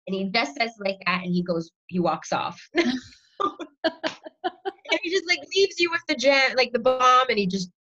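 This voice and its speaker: Woman guest, animated storytelling, laughs often, slightly dull lo-fi sound. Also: on the low side, brisk. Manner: animated, laughs often, quotes people in lively voices. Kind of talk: casual conversational storytelling.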